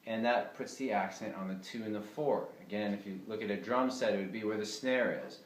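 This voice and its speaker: A man giving a casual fiddle lesson, talking in a relaxed, chatty way with lots of fillers. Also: fairly low pitch, brisk, a little hiss or hum. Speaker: fiddle teacher. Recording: echoey room with fiddle playing.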